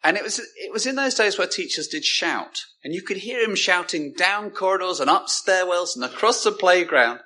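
A man preaching a sermon, emphatic, with dramatic pauses and repeated words. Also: sits high, lively intonation, bright, forceful tone.

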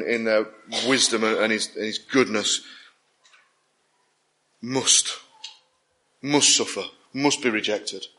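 Man, preacher, sermon, emphatic repetition, bright forceful voice. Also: on the low side. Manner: emphatic, repetitive build-ups with rising intensity.

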